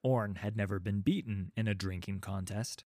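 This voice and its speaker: A man's voice: fairly low pitch, normal speed, mellow, dry recording, studio quality. A man narrating a children's storybook, with wry, playful asides to his listeners.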